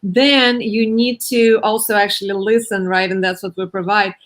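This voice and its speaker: A woman's voice: medium pitch, level tone, normal speed. A woman hosting an interview, enthusiastic and often asking "right?" to invite agreement. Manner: enthusiastic, repeats "fascinating" and "right?". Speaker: host. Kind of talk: interview talk.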